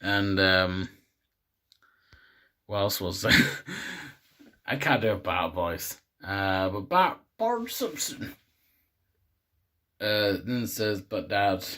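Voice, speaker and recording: A man's voice: lowish voice, drawn-out words, long pauses, sharp tone. A man hosting a comic vlog, rambling and swearing as he retells a cartoon episode with laughs. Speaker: host.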